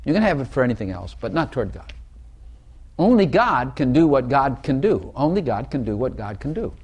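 A man preaching an informal sermon, talking conversationally, repeating phrases and putting questions to his listeners. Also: mid-range voice.

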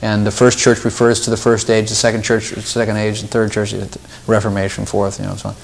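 A man's voice: lowish voice, completely flat delivery, a little fast, gravelly. A man leading an informal Bible study, talking things through casually, repeating words and lifting his voice when he quotes scripture.

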